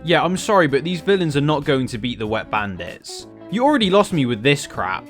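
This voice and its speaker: A man tears into a film with sarcastic, swearing commentary. His pitch swings wildly from high outrage to low mutters, over a faint bed of music. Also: sing-song, brisk. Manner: sarcastic, exasperated, profane. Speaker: film reviewer. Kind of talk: comedic film review commentary.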